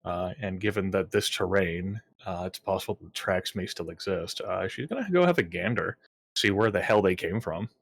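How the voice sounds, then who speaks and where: Man, tabletop player, gravelly, low, dry sarcasm. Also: lively intonation, normal speed, no echo. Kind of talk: casual tabletop play.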